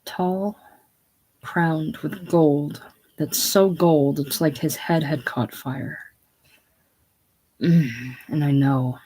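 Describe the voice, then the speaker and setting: In a casual play reading, a reader voices a fretful, anxious and secretive middle-aged woman, halting and breaking off mid-sentence. The voice is mid-range and the recording is low quality.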